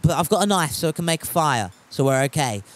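High-voiced man streaming games. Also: lively intonation, fast talker, fairly bright tone. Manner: chatty, swears freely, reads out chat messages. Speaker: game streamer. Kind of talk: casual live-stream chat while gaming. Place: at home.

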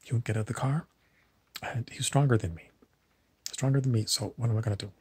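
A man's voice: medium pitch, fast, a little mellow. A man telling meandering, digressive stories in a casual monologue to camera. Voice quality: husky.

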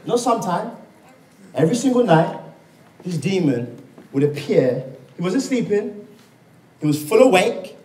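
High, lively preacher man. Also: a little slow, pauses often. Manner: storytelling, acting out quoted dialogue and calling for amens. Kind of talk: sermon with personal testimony. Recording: echoey room, mic far off.

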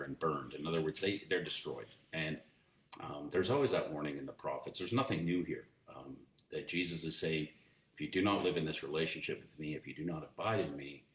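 A man's voice: extremely low pitch, a bit bright. A man preaching as pastor, teaching in a conversational way with many fillers and restarts. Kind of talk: sermon. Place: church. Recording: roomy echo, distant mic, faint noise.

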